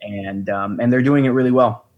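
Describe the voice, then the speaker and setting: A young man, a podcast guest, telling a trip story in a relaxed, chatty way, swearing freely and saying "you know" a lot. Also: mid-range voice, moderate pace, narrow, tinny audio. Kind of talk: casual chat.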